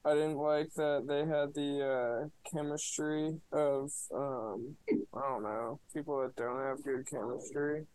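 A man's voice: on the high side, level tone, slow, darkish tone, dry recording, low-quality recording. A man co-hosting a podcast, giving a casual movie review in a sarcastic, profane, mocking way. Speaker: podcast co-host.

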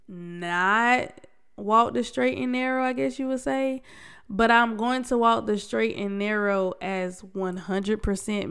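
A congested young adult woman, medium-pitched with a slightly bright, smooth voice, talks candidly on her own podcast. Her casual speech is slangy and conversational, marked by frequent restarts.

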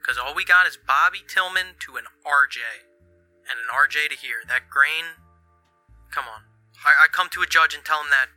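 A man's voice: a little high, moderate pace, bright, forceful tone, no room sound, soft background music, rough recording. A man voicing a blunt, exasperated male police lieutenant in a tabletop role-play game. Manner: blunt, pleading and pressing.

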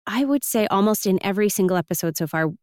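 A woman's voice: mid-range voice, expressive, quick pace, a little mellow, no room sound, clean studio sound. A woman hosting an interview podcast, affirming and enthusiastic toward her guest. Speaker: podcast host. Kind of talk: conversational interview.

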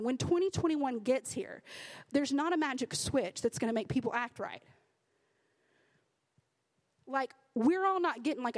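A woman's voice: high voice, a little mellow. A young adult woman preaching a sermon to a live congregation, conversational and emphatic, with many "right?" asides.

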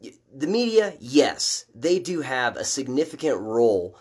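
A man hosting a live stream of political commentary, talking casually and getting animated and exasperated as he argues. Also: medium pitch, a little slow, husky. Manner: animated, exasperated, rises sharply when mocking views.

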